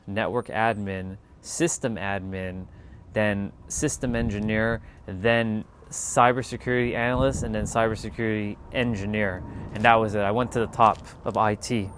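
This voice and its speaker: A man telling a casual, animated story in a monologue, swearing freely and acting out the people in it with quoted voices. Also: medium pitch. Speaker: spiritual talk host.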